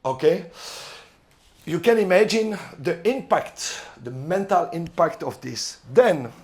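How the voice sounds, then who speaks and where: A middle-aged French-accented man lectures a room of coaches in English, his voice sitting notably high for a man. He talks in halting bursts, often stalling on fillers while he hunts for the right word. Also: expressive, darkish tone. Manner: halting, searches for words, frequent fillers. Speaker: volleyball coach giving a seminar talk.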